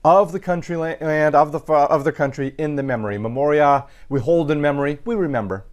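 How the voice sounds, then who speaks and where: A man teaching Latin, working slowly through sentences and parsing each word aloud, with frequent pauses and fillers. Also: fairly high pitch. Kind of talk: recorded grammar lesson.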